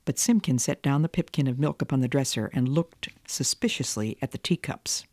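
A woman radio host reading a children's story aloud in a gentle, measured way. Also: very deep voice, lively intonation, no echo, studio quality.

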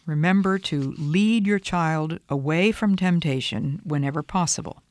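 An older woman and grandmother giving earnest, measured advice on disciplining children. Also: sits low, a little mellow, no room sound. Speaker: parenting advice speaker. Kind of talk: instructive talk.

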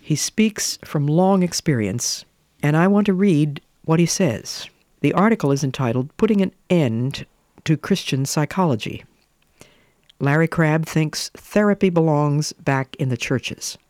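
A woman giving a slow, deliberate radio devotional talk as a Bible teacher, stressing words and sometimes dropping to a near whisper. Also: sits low, animated, a little mellow, no room sound, clean studio sound.

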